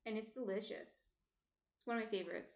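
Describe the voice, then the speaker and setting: A woman's voice: medium pitch, steady tone, moderate pace, echoey room. A woman from New Jersey chatting casually on a live stream, explaining each step of shaping bread and greeting viewers by name. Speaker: baker streaming a sourdough tutorial.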